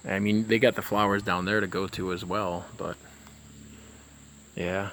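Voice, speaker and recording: A man filming a casual vlog outdoors, talking in an excitable, jittery way and exclaiming in disbelief. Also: low-pitched, measured pace, slight background noise. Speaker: vlogger. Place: outdoors by flowers.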